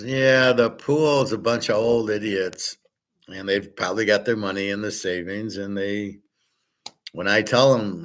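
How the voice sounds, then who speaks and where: A man hosts a casual livestream about betting and gold, talking bluntly and ramblingly, swearing and responding to chat comments. His voice is lowish, steady, a bit bright and unhurried.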